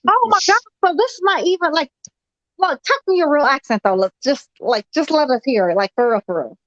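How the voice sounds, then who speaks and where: A woman co-hosting a casual chat show, loud and giggly, swearing freely. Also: high voice, animated, brisk, no echo, dull audio. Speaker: podcast co-host.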